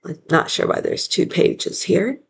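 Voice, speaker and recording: A woman's voice: fairly low pitch, big pitch swings, a little slow, creaky, slight background noise. Patient woman teacher dictating syllables. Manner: patient, splits words into syllables aloud; self-correcting, apologetic asides. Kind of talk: phonics lesson, slow dictation.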